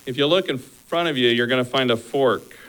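A man preaching a sermon in an earnest, exhorting manner. His pitch sits in a middle range as he urges listeners through numbered points. He then moves into a steady, unhurried story. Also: rough recording.

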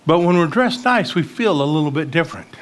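A man's voice: a little high, animated, brisk. A man preaching a sermon. He reads scripture aloud and talks plainly, with emphatic questions in places. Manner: conversational, rises to emphatic questioning.

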